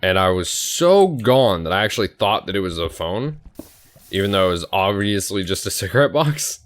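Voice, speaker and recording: A young man in his twenties with a low voice tells a long personal story in a loose, chatty way. He rambles, restarts and fills gaps with fillers as he plays a game on a headset mic. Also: very animated, normal speed. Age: 20s. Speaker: gaming YouTuber. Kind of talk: casual storytelling while playing a game.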